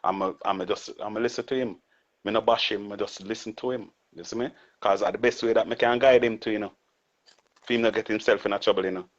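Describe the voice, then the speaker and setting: A man's voice: lowish voice, steady tone, quick pace. A middle-aged man with a Jamaican accent, talking reflectively as an interview guest and often closing on a tag question. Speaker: guest artist. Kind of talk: casual interview talk. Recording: muffled lo-fi audio.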